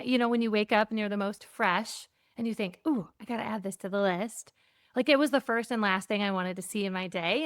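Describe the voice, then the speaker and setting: A woman who is the guest on an interview podcast. She tells stories in a lively way, acts out bits of dialogue and says "like" often. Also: on the high side, clean tone, dry recording, clean studio sound. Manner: animated storyteller, acts out dialogue, frequent "like". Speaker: guest, keynote speaker on joy. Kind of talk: casual interview storytelling.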